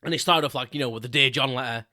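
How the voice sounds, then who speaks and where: Bright-voiced British man telling a story. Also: mid-range voice, very fast, no room sound, clean studio sound. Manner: chatty, rambling anecdote with casual swearing. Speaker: podcast host. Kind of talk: casual solo storytelling.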